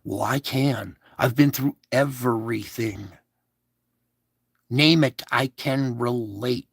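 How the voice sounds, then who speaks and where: A man's voice: mid-range voice, takes it slowly, vocal fry, husky, no room sound. A man giving a devotional talk spoken in God's voice, blunt and conversational, with crude words and many coaxing questions to listeners. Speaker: devotional speaker.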